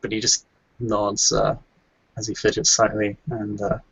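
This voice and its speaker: A man's voice: fairly low pitch, monotone, measured pace, creaky, fairly bright tone, breathy edge, dry recording. A man playing a tabletop role-playing game, describing his character's moves with many fillers. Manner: hesitant, with many fillers and restarts. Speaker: player. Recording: dry, dull lo-fi recording.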